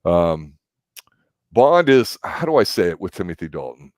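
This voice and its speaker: A man chatting casually as a movie review host, rambling and excitable, with casual swearing. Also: deep voice, normal speed, dry recording, clean studio sound.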